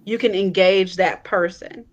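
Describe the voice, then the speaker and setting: A woman's voice: medium pitch, fairly even intonation, measured pace. Female panelist, emphatic and direct. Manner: firm, emphatic. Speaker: panelist giving advice. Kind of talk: panel discussion, advice.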